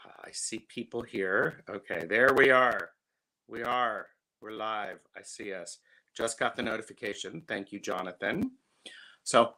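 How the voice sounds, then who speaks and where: A man's voice: medium pitch, sharp tone. A man in his fifties hosting a casual livestream, chatting and greeting viewers by name. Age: 50s. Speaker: livestream host.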